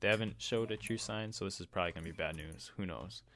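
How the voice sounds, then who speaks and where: A young man giving casual let's-play commentary, excitable and jokey, trash-talking other players and yelping when he gets hit. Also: low-pitched, fast, slight background noise. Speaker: gameplay commentator. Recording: faint keyboard clicks behind.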